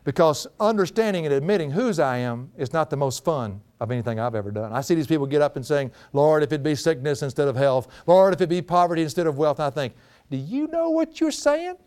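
A man's voice: a little high, quick pace, few pauses, darkish tone, clean tone. A middle-aged man with a drawl preaching a folksy storytelling sermon, often breaking into laughter.

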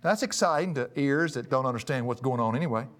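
A man's voice: medium pitch, animated, quick pace, fairly bright tone. A man preaching an expository sermon, emphatic and folksy, his voice rising and falling for emphasis. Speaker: pastor.

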